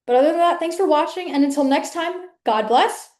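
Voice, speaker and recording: Woman, video host, casual rambling chat, fillers and restarts, slightly high voice, roomy echo. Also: brisk, darkish tone. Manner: chatty, many fillers and restarts. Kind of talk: casual rambling talk to camera. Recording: echoey room.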